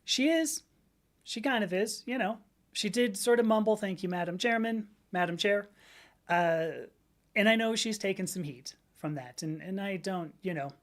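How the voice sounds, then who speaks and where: A woman's voice: medium pitch, animated, moderate pace. A middle-aged American woman hosting a casual livestream, answering chat comments in a rambling way, often correcting herself. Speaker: livestream host reading chat.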